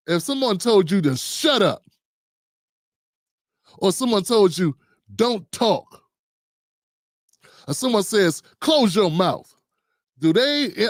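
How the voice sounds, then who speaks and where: Animated, sarcastic male commentator. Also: high-pitched, no echo, clean studio sound. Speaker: show host and commentator. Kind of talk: livestream commentary.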